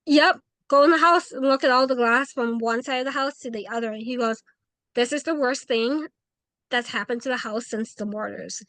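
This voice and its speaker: A woman paranormal investigator telling stories in a casual interview, animated and acting out quoted dialogue. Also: a little high, moderate pace, no echo.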